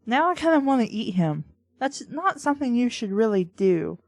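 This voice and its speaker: A woman's voice: a little high, sing-song, normal speed, a little mellow, no echo. A woman reading a novel aloud and breaking off to mock its writing, exasperated and sarcastic. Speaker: book reviewer reading aloud. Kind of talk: sarcastic book-reading commentary.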